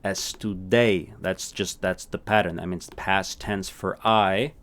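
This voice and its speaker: A man teaching a casual language lesson who repeats words slowly for practice and keeps checking in with "right?". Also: sits low, fairly even intonation, a bit bright.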